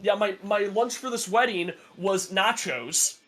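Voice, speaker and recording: High-voiced man telling a rambling story. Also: a little slow, fairly bright tone. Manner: rambling storytelling, many fillers and restarts; sarcastic, laughs often. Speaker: podcast co-host. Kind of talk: casual chat.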